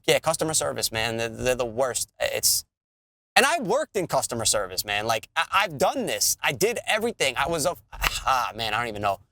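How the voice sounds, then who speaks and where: A man's voice: medium pitch, fairly quick. A man, co-hosting a podcast and ranting in casual, profane chat. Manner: animated, swearing ranter. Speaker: podcast co-host.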